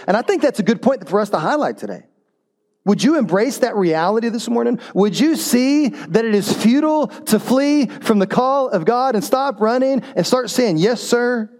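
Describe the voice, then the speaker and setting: Male pastor, middle-aged, higher-pitched, lively sermon delivery. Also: moderate pace. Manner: animated storytelling, voicing characters' lines.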